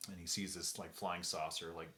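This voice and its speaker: A man's voice: deep voice, little pitch movement, fairly quick, sharp tone. A man co-hosting a casual chat, telling rambling, jokey stories and slipping into voices for anecdotes. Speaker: podcast co-host.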